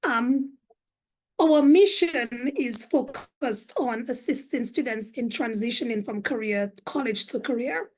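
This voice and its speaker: A woman with a slightly high, hoarse voice speaks as a guest presenter on a video call. She explains things earnestly and fills her pauses with frequent ums. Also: rough recording. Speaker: career center director.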